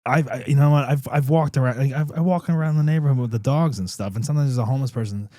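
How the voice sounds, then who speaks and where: A man hosting a podcast in a casual chat, reacting quickly and swearing freely. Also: medium pitch, warm tone, no room sound, studio quality. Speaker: podcast host.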